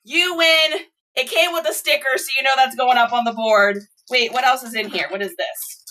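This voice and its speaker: A woman reseller chatting casually to viewers, gushing and excitable as she unboxes items. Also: sits high, normal speed, distant mic. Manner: gushing, excitable, squeals and laughs. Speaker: reseller vlogger.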